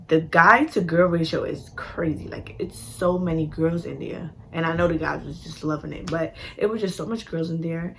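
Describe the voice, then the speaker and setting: A woman's voice: low voice, fairly bright tone, slight background noise. A young woman telling a story in a casual, slangy way, full of "like" and acted-out quotes. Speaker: vlogger.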